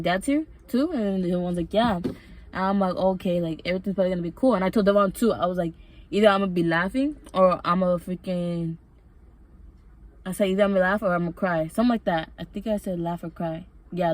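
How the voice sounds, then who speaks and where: Woman vlogger with a lowish voice, loose and profane, telling her story. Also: darkish tone. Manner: rambling, profane, emotional storytelling. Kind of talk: casual storytime vlog.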